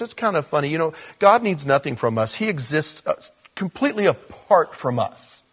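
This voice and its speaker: A man preaching a conversational sermon as a pastor, with animated bursts. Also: on the high side, moderate pace, breathy edge.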